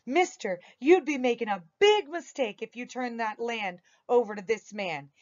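A woman voicing a brave young pioneer girl who shouts defiantly. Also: a little high, lively intonation, moderate pace, lo-fi sound, voice pushed up, natural voice.

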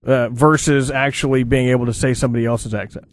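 A man's voice: medium pitch, fairly even intonation, fast talker, dry recording. An American man hosting an interview show, chatty and jokey with plenty of fillers. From United States. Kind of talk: casual interview.

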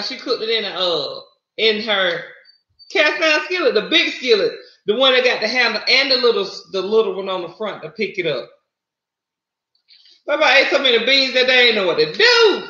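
A chatty Southern woman hosting a livestream, folksy and warm with her viewers in a casual way. Her voice is very bright and forceful, caught in a roomy space with a slightly dull, lo-fi tone. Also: a little high. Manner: chatty, folksy, calls viewers honey and y'all. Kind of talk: casual live-stream chat.

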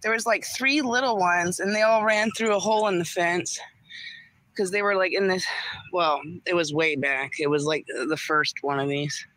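Woman co-host, rambling storyteller, bright voice. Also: lowish voice, steady tone, moderate pace, no echo, low-quality recording. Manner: meandering, chatty anecdotes with fillers. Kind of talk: casual chat storytelling.

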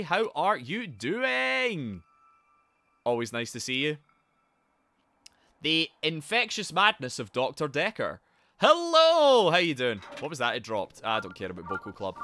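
Excitable Scottish man streaming a game. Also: mid-range voice, a little hiss or hum. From Scotland. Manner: excitable, yelps and shouts in panic, greets chat. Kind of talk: live gameplay commentary.

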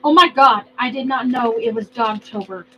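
A woman with a notably high voice, chatting casually as a co-host. She trades dry, teasing one-liners in a relaxed way, with a faint hiss of noise behind her. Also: moderate pace, highs cut off. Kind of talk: casual chat.

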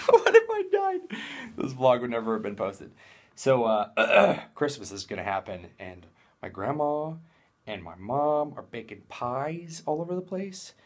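A man's voice: mid-range voice, lively intonation, measured pace. A young man doing a casual vlog in a hyper, jokey, rambling way. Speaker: vlogger.

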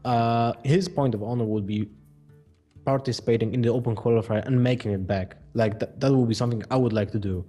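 A man's voice: medium pitch, steady tone, fairly quick, dark tone, slightly rough, soft background music. A man co-casting an esports match in easygoing chat, agreeing a lot and laughing often. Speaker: esports co-caster. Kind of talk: casual pre-match commentary.

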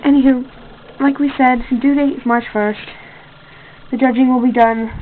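A fairly high-voiced woman hosts a homemade contest video and rambles along, stopping to correct herself and filling gaps with ums. The sound is thin and tinny, with a faint hiss underneath. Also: fairly even intonation, normal speed. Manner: rambling, with many fillers and self-corrections. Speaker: contest host. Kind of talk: casual home video.

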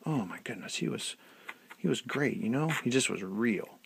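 A man's voice: medium pitch, animated, moderate pace, creaky, slight background noise. A man hosting a casual hobby vlog, chatty and self-deprecating, often trailing off mid-sentence as he talks at his painting desk. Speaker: hobby channel host.

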